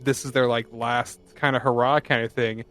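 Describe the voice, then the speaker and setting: Brief: male podcast co-host, mid-pitched, loose rambling critique with lots of "like". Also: level tone, normal speed, a bit bright. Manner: rambling, filler-heavy, laid-back critique. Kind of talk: casual movie review chat.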